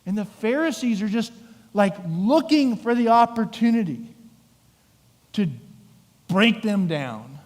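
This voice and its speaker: In a church sanctuary with long hall reverb, a middle-aged pastor with a high voice preaches a sermon at a slow pace, leaving long pauses. He tells the story vividly and animatedly, acting out the voices.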